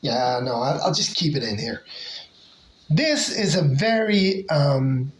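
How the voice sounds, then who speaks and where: A comic collector casually showing off favorite covers, talking hesitantly with lots of pauses and restarts. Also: medium pitch, sing-song, poor audio. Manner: hesitant, many fillers and restarts.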